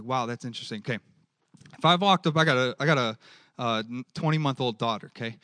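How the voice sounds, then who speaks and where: A male preacher giving a lively sermon and keeping the audience engaged with questions. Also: fairly high pitch, no room sound, studio quality. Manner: animated, asks the audience questions.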